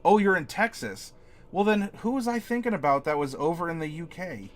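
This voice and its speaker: A man's voice: a little high, a little fast. A man hosting a live stream from his home desk, chatting casually with viewers and answering the chat aloud in a rambling way. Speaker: streamer host.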